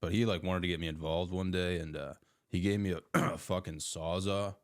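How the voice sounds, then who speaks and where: Young man, very low voice, podcast guest, swears a lot, says dude constantly, dry close sound. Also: steady tone, brisk, dry recording. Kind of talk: casual chat.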